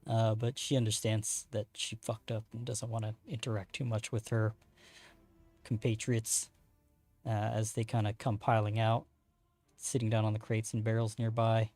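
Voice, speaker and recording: A man running a tabletop game as game master, narrating with frequent ums and pauses. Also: fairly low pitch, level tone, a little mellow, faint music behind. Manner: hesitant, filler-heavy narration.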